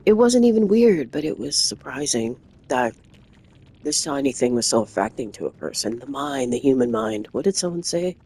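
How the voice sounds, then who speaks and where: A gaming streamer spinning a casual, meandering story for an audience. The delivery is animated and full of false starts and self-corrections, drifting from one aside to the next. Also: medium pitch, low-quality recording. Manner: rambling, animated anecdote with many restarts.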